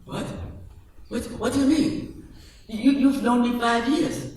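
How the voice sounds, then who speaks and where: A man's voice: sits high, moderate pace, a bit bright, slight background noise. A man voicing a poor male street sweeper who stammers and pleads for his savings. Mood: desperate. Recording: echoey hall from far off, faint music.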